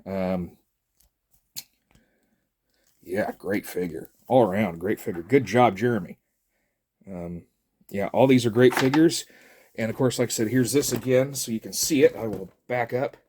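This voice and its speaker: A man's voice: on the low side, a little slow, pauses often, darkish tone, a little hiss or hum. A middle-aged man, chatting casually and jokily as a toy reviewer, rambling with lots of fillers. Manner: rambling and jokey, with many fillers. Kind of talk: casual chat.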